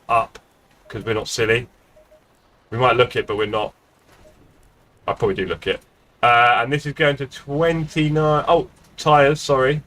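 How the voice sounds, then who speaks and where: A middle-aged man with a medium-pitched, slightly bright voice chats loosely with viewers while streaming sim racing from his home gaming room. He rambles and jokes at his own expense into a desk streaming mic.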